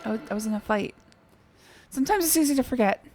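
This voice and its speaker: A woman's voice: a little high, lively intonation, quick pace. A woman playing through a video game, making offhand, self-amused comments, with game music behind. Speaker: let's play gamer. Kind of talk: casual game commentary and reading aloud.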